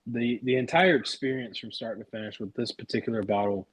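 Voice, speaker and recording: A man's voice: mid-range voice, steady tone, a little fast, husky, rough recording. A man guesting on a casual whiskey chat, laid-back and teasing.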